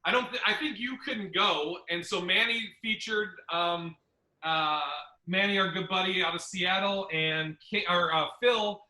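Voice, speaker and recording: Comic podcast host, male: high, piercing voice, cursing storyteller, echoey room. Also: unhurried. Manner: profane, animated, acts out other people's lines. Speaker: podcast host and stand-up comedian. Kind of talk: casual storytelling chat. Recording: roomy echo.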